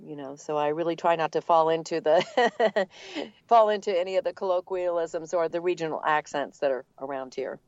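An older woman, a voice actor from the Boston area with a neutral standard accent, telling her story in a relaxed, articulate interview. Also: deep voice, normal speed, no echo, lo-fi sound. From Boston area, USA. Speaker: guest, voice actor. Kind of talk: casual interview answers.

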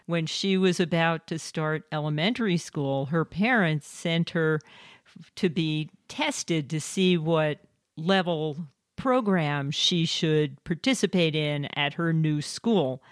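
A woman's voice: deep voice, no room sound, studio quality. A woman co-hosting a show, telling stories and reading listener submissions in a matter-of-fact way. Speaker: co-host.

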